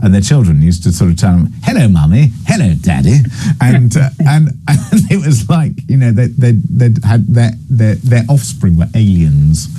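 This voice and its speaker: A man hosting a breakfast talk show, his voice low and very dark. He banters and wanders off into chatty stories before steering back to the guest. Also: expressive, moderate pace, few pauses, husky. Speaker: radio and TV talk show host.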